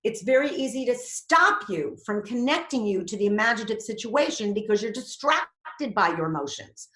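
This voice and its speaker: A woman acting teacher giving a lecture, animated and acting out the inner voices she quotes. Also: fairly high pitch, moderate pace. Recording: echoey room.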